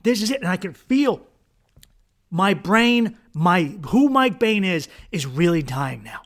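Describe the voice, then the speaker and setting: A podcast host, a man, telling a personal story in an intense, profane monologue that swings between loud outbursts and hushed lines. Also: high voice, very animated, a little slow.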